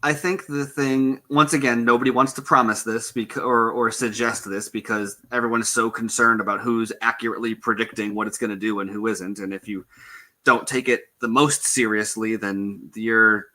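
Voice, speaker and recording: A man's voice: lowish voice, fairly even intonation, normal speed, pushed and bright. A man in a casual stream chat, talking things through thoughtfully with lots of ums and hedges.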